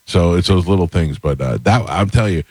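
A man's voice: deep voice, a little fast, slightly rough, dry recording. A man hosting a podcast, casually telling anecdotes and acting out the voices of others. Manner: animated, acts out voices in anecdotes. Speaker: podcast host. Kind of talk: casual storytelling.

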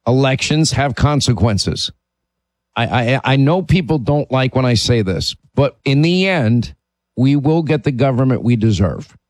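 A man's voice: medium pitch, expressive, a little slow, a little mellow, no echo. A man hosting a call-in talk radio show, talking emphatically and opinionatedly, sometimes restarting his sentences.

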